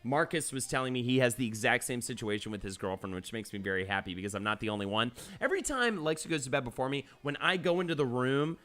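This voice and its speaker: A man's voice: mid-range voice, expressive, fast, few pauses, fairly bright tone. A man hosting a live-streamed podcast, reading chat comments aloud and telling stories casually, with swearing. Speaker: podcast host.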